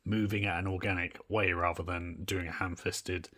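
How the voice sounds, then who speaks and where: A man with a fairly low voice co-hosts a podcast. He talks in a laid-back, analytical way, thinking aloud about what works. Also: flat delivery, normal speed, a bit bright. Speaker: podcast co-host. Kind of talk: casual review chat.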